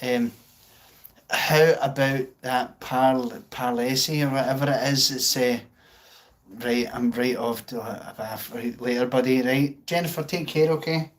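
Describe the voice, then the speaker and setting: A man with a Scottish accent chats unhurriedly with his viewers on a home livestream, at an ordinary mid pitch for a man. He pokes fun at himself and swears casually as he reads out their comments. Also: steady tone, a little slow. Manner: chatty, self-mocking, swears freely. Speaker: livestream host.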